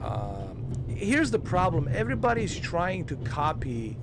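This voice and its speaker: A man chatting casually during a game walkthrough, excitable and rambling, often swearing. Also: a little high, measured pace, background noise. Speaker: gaming streamer.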